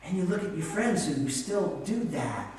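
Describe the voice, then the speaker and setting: A man in his forties preaching a sermon, animated and acting out quoted voices as he goes. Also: sits high, measured pace, a little hiss or hum. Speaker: pastor. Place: church sanctuary. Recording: echoey church hall mic from a distance.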